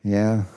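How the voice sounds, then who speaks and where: A middle-aged man from Minnesota with a slight Southern accent, preaching a conversational sermon as a pastor, with casual asides and a voice that rises on emphatic points. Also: warm tone.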